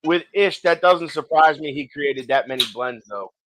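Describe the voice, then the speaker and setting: A man's voice: on the high side, moderate pace, fairly bright tone, a little hiss or hum, rough recording. A male podcast co-host, chatty, cutting in to add details to a story. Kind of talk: casual podcast chat.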